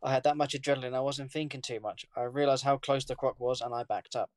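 A man, reading a news story aloud on a podcast in a plain, steady way. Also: medium pitch, fast talker, no echo, studio quality. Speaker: podcast co-host.

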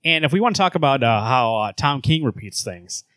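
A man's voice: medium pitch, lively intonation, fairly quick, a bit bright, dry recording. A man co-hosting a comics podcast, recapping a comic in a casual, profane, rambling way with lots of fillers. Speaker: podcast co-host. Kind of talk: casual chat.

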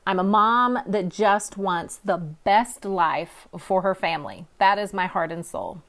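A woman's voice: mid-range voice, lively intonation, a little slow, a bit bright. A woman in her fifties from California, hosting her own podcast in a bubbly, candid, self-deprecating solo talk. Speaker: podcast host. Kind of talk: upbeat solo podcast monologue.

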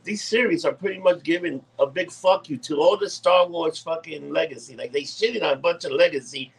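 A man's voice: on the high side, brisk, creaky, breathy edge. A man co-hosting a casual podcast, talking loosely and profanely, often stumbling over words. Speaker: podcast co-host. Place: dim indoor room.

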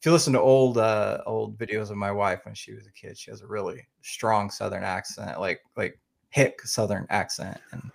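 A man's voice: lowish voice, fairly even intonation, moderate pace, vocal fry. A man from Oklahoma with a slight Oklahoma accent, a podcast guest chatting casually and rambling with many fillers and restarts. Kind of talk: casual interview chat.

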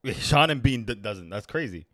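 A man's voice: mid-range voice, animated, normal speed, a bit bright, dry recording, studio quality. A man co-hosting a podcast in casual chat, blunt and teasing, swearing casually. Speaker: podcast co-host.

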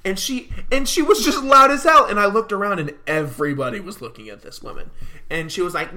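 A man's voice: high voice, sing-song, a little fast, bright, forceful tone. A young man in his early twenties hosting a podcast, ranting animatedly in a casual monologue and laughing often. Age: early 20s. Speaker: podcast host.

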